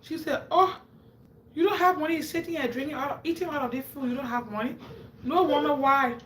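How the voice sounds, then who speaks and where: A woman's voice: high voice, brisk. A woman hosts a livestream and tells stories to her viewers. She laughs often and acts out what people said. The sound is roomy, with a faint hum of room noise behind her. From Africa. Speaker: livestream host. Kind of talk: animated storytelling to a live audience.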